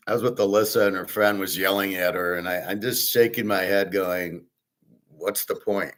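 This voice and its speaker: A man's voice: sits low, steady tone, brisk, a bit bright. A middle-aged man hosting his own show, talking in a loose, digressive monologue full of restarts and filler words. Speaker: host. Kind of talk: rambling casual monologue.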